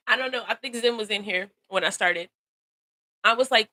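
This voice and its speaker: A young woman hosting a casual live stream, talking on her phone and greeting viewers by name. She speaks in an animated, encouraging way, laughs often and repeats phrases for emphasis. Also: mid-range voice, brisk, no room sound. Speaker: livestream host.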